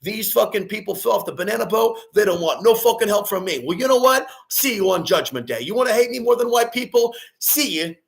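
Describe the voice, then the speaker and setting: A man delivering a ranting vlog monologue. He swears a lot, repeats his phrases, and often breaks into shouting. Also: sits high, lively intonation, brisk, creaky, hardly any pauses. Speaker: vlogger.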